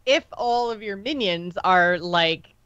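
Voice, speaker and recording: Bright-voiced man on a podcast, eager. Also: high voice, smooth, no echo, dull audio. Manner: eager, throws in quick ideas and laughs. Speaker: podcast co-host. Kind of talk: casual card game discussion.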